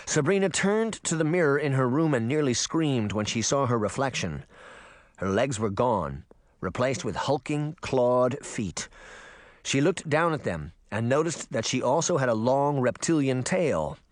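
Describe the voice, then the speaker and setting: A man narrating an audiobook with expressive, dramatic storytelling. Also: medium pitch, a little slow, dry recording, studio quality. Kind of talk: audiobook reading.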